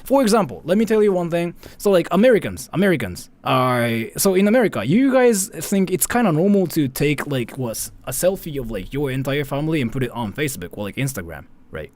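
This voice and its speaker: A man's voice: a little high, sing-song, a little fast, hardly any pauses, darkish tone. A man, chatting casually as a streamer in a rambling, filler-heavy way and swearing freely. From Japan. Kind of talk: casual commentary chat.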